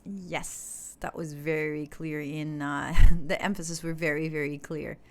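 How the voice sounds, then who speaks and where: A woman's voice: deep voice, level tone, unhurried. A woman from Indonesia, an English teacher explaining a lesson step by step to her class. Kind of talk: recorded online lesson.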